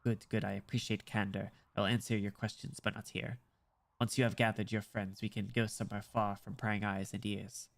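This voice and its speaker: A man's voice: fairly low pitch, normal speed, gravelly. A man reading aloud as a tall, poised female imperial guard, speaking politely and formally with an attempted Russian accent. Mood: calm. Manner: polite, formal, calmly persuasive. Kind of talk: reading game dialogue aloud.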